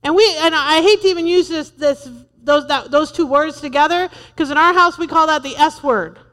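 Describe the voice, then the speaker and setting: A woman's voice: high-pitched, normal speed, a bit bright, in a large hall. A woman in her forties preaching a sermon to a church, humorous and emphatic, repeating her points. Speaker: pastor's wife preaching.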